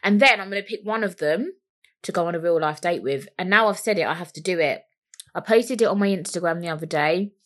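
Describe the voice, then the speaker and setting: A young woman talks alone into a podcast microphone in a rambling, cheeky way, swearing freely. Her voice sits a little low for a woman. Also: brisk. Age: young adult. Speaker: podcast host. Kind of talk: solo podcast chat.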